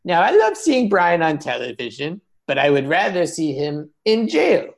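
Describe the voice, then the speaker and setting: A man hosting a comedy roast podcast, mocking guests with big swings between loud jabs and muttered asides. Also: fairly high pitch, wildly swooping pitch, normal speed, gravelly.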